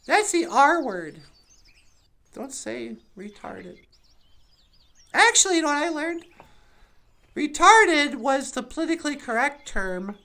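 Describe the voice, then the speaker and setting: Sardonic woman comic, high lively voice. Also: takes it slowly, pauses often. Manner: sardonic, acts out other people's voices. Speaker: comedian. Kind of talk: stand-up storytelling.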